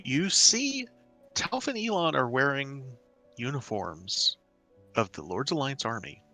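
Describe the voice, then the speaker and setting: Lively bright-voiced male game master. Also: mid-range voice, unhurried, faint music behind. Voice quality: hesitant, many restarts while describing scenes. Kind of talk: narrating a tabletop game.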